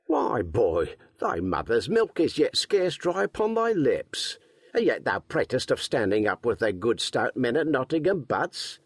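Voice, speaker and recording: Man doing a jeering rough forester. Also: medium pitch, very animated, measured pace, no echo, studio quality, voice pushed up, exaggerated voice. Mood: mocking.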